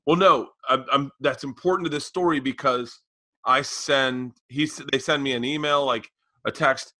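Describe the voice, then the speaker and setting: In a medium-pitched voice at normal speed, a man co-hosting a podcast spins a story during relaxed conversation, performing everyone's quoted lines with lively energy. No room sound is audible.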